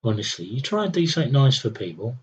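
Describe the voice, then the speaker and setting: A man's voice: medium pitch, very animated, fast, highs cut off, slight background noise. A young man streaming a strategy game, thinking aloud with wry, muttered commentary. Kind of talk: casual live gameplay commentary.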